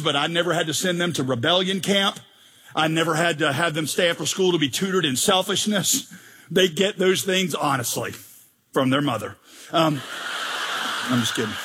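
A man's voice: high-pitched, bright, forceful tone, breathy edge. A male pastor preaching a sermon with emphatic delivery, rhetorical questions and jokes.

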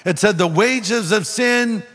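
Male pastor, earnest sermon delivery, slightly high pitch, long hall reverb. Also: takes it slowly. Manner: earnest preaching, acts out a street preacher's yelling.

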